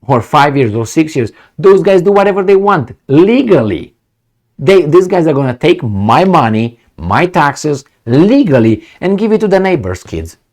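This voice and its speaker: Middle-aged man, commentary vlogger, indignant and sarcastic, very lively pitch. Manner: sarcastic, indignant, swings between loud outbursts and muttered asides. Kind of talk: reading news and ranting.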